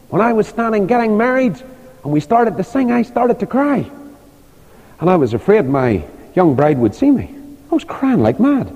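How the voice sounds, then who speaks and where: A man's voice: high voice, darkish tone, husky. An older man preaching a sermon about marriage, telling stories with emphatic delivery and rhetorical questions. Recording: long hall reverb.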